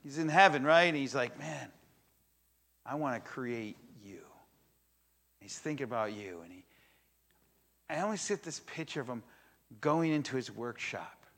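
An older man preaching a sermon to a congregation, telling a story with animated energy and acting out the voices in it. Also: mid-range voice, normal speed. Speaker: pastor. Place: church in front of a congregation.

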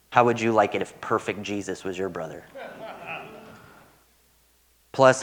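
A young man preaching a sermon, earnest and warm-humored as he tells stories. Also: lowish voice.

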